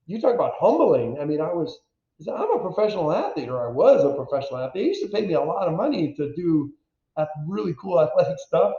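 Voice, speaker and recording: A man in his fifties from the United States, a former pro football player telling stories as an interview guest, animated and self-deprecating, acting out quotes. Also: high-pitched, fairly quick. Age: 50s. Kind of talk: candid storytelling interview. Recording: echoey, dull lo-fi audio.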